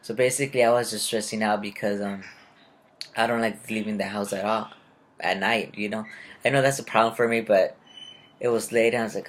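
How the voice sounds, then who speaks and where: A man's voice: on the low side, moderate pace, pauses often, slight background noise. A young man vlogging a personal travel story in a chatty, rambling way, with many fillers and self-corrections.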